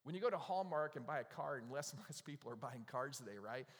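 Chatty middle-aged preacher in a reverberant church. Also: male voice, medium pitch, animated, fast, slightly rough. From North Carolina. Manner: chatty, asks the congregation questions, acts out little quoted asides. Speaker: pastor. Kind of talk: conversational sermon. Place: church sanctuary. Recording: long reverb of a church hall.

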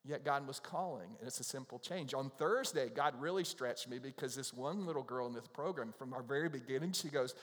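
Male pastor, emphatic sermon delivery, mid pitch, long hall reverb. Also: fairly quick, hardly any pauses. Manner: emphatic, repetitive, tag questions to the congregation.

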